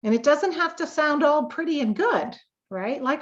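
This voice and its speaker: A woman hosting a live tapping call, coaching listeners with slow, emphatic talk and sudden emotional bursts. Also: high-pitched, lively intonation, a bit bright, muffled recording.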